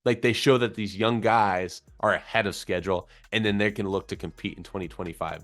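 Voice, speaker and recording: Male podcast host, low-ish voice, recovering from illness, casual stats-heavy solo commentary. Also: steady tone, fairly bright tone. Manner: conversational, quick stats rundown with fillers.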